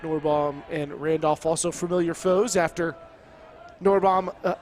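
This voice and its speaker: High-voiced analytical male commentator. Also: fairly even intonation, unhurried, darkish tone, slight background noise. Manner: analytical, breaks plays down step by step; wordy, with frequent restarts and fillers. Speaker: color commentator. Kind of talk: sports color commentary.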